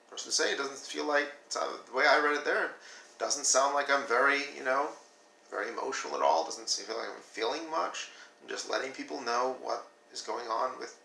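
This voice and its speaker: Brief: male teacher, bright gravelly tone, lively demos, roomy distant sound with faint hiss. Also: medium pitch. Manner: animated, demonstrates flat versus expressive reading. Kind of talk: classroom video lesson.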